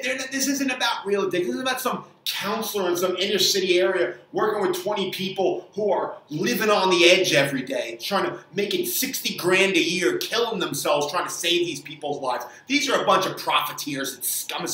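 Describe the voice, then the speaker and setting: Forceful, angry ranting male trainer. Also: high voice, normal speed, hardly any pauses, recorded from a distance. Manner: angry, profane ranting with repeated words. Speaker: fitness trainer. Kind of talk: opinion rant to camera. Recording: echoey room, voice off mic.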